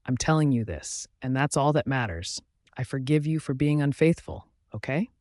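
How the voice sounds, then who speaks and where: A man's voice: medium pitch, moderate pace, a little mellow, dry recording, lightly acted. A man voicing an earnest, forgiving young mate who pleads insistently in an audiobook romance. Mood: pleading.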